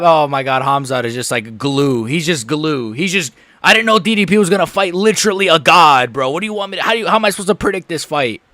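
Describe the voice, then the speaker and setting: A young man streaming a live fight reaction, excitable, swearing and repeating himself as he swings from groaning despair to shouting. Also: on the high side, fast talker, few pauses, dry recording, studio quality.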